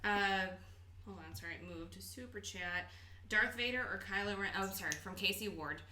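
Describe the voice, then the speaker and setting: A woman's voice: mid-range voice, normal speed, pushed and bright. A young woman co-hosting a casual livestream and reading out viewer questions in a dry, teasing way.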